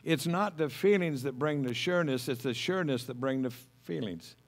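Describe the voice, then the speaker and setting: A man's voice: mid-range voice, normal speed, gravelly. A middle-aged man preaching a sermon as pastor, folksy and homespun, telling stories with humor.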